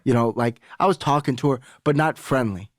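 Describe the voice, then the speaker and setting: A man's voice: medium pitch, fairly quick, no room sound, clean studio sound. A young adult man, a podcast guest, telling a candid personal story in casual talk, swearing freely and acting out the voices of people he quotes.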